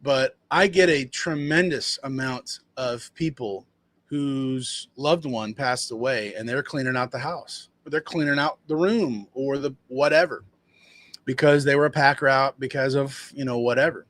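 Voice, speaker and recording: A man's voice: unhurried, fairly bright tone. A man running a dumpster rental business, telling a customer story in a rambling, casual way and acting out what people said. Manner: rambling, conversational, acts out quotes in a higher voice.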